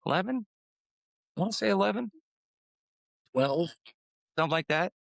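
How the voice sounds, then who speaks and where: A man from Croatia, a guest in a casual interview who tells rambling stories with lively swings in his voice. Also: moderate pace, gravelly, no room sound. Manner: animated, rambling, acts out quotes with swings in pitch. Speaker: guest singer.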